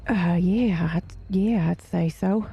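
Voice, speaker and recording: A woman streaming a western role-play game as a paranormal investigator, talking in a nervous, rambling, halting way. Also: on the low side, creaky, husky, dull audio.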